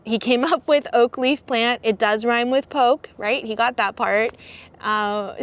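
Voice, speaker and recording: Casting: woman, garden educator, mid pitch, friendly teacherly storyteller, recorded outdoors. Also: clean tone. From Southern California. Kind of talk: casual explanatory vlog.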